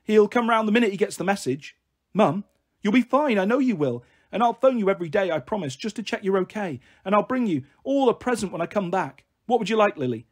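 A man doing a breezy hurried mum. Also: high-pitched, expressive. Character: flighty young mother in a rush.

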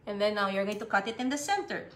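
A woman with a Filipino accent teaching young children a paper craft in a cheerful, slow, sing-song way. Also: medium pitch, background noise. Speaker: preschool art teacher. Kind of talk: live-streamed craft lesson for children. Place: home on a live stream.

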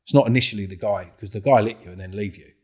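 A middle-aged man guesting on a podcast tells a story casually and with animation, swearing freely and acting out the dialogue. His voice is fairly low, and he talks at a racing pace.

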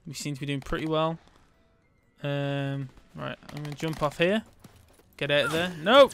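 A British man giving casual, excitable gameplay commentary as a gaming channel host, bantering with himself. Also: fairly high pitch, normal speed. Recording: game gunfire and noise behind.

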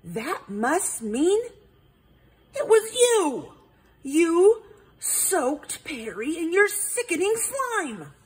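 A woman's voice: very high voice, sing-song, extremely slow, voice pushed up, heavily acted. A woman voicing an eager, self-important male owl detective in a storybook read-aloud, exclaiming dramatically. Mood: dramatic. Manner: dramatic exclaiming, sing-song.

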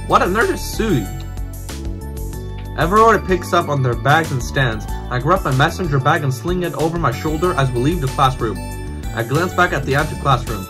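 A man's voice: fairly high pitch, brisk. A man hosting a gameplay video who reads the game's lines aloud in a casual, upbeat way, with small slips. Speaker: gaming host. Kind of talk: gameplay commentary, reading dialogue aloud. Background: faint game music.

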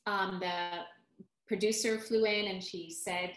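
An American musical theater actress with a mid-range voice tells her career story at a moderate pace as a guest in a casual interview. She's an animated storyteller who acts out quotes and restarts often, and the audio is poor and roomy-sounding.

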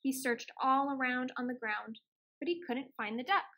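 High-voiced woman reading a picture book. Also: moderate pace. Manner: expressive, gentle storytelling. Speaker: extension outreach reader. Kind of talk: storybook read-aloud.

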